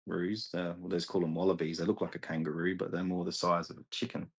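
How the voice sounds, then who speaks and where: A man's voice: sits low, level tone, quick pace, gravelly, husky, rough recording. An Australian man with an Australian accent in a laid-back casual chat, telling stories with a chuckle.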